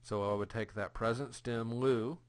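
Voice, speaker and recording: A man teaching a recorded grammar lesson, patient and deliberate, repeating each example phrase. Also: mid-range voice, fairly even intonation. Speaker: Greek teacher.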